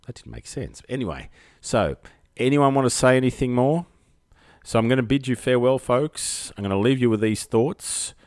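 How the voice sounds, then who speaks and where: A man's voice: mid-range voice, moderate pace, darkish tone, dry recording, clean studio sound. Rambling Australian man hosting a live stream. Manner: rambling, jokey, self-mocking banter. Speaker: host of a live-streamed call-in show. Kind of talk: casual live-stream chat. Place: outdoors at night under spotlights.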